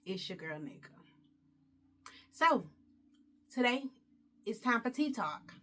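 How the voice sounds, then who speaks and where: A woman's voice: fairly high pitch, sing-song, takes it slowly, pauses often, pushed and bright, a little hiss or hum. A young woman vlogger chatting casually, talkative and emotional, rambling as she talks. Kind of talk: casual chat.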